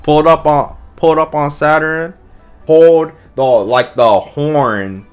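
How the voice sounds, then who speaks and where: A man's voice: a little high, lively intonation, a little slow, clean tone, faint music behind. A young man giving a casual reaction commentary, full of profane slang, fillers and restarts. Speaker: manga reaction vlogger.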